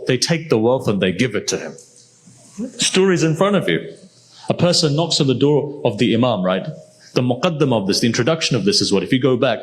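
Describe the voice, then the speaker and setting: A man delivering a sermon, telling religious stories and acting out the quoted figures. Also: mid-range voice. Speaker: preacher.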